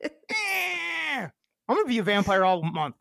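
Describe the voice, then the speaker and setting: A man's voice: high-pitched, very animated, a little fast, dry recording, clean studio sound. A man co-hosting a casual podcast, ranting in a sarcastic, profane way while talking around fake vampire fangs with a slight lisp. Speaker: podcast co-host.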